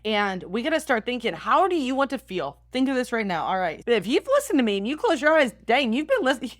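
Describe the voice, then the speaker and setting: A young woman hosting a motivational podcast, coaching her listeners directly in an upbeat, energetic way. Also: a little high, a little fast. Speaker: podcast host and style coach.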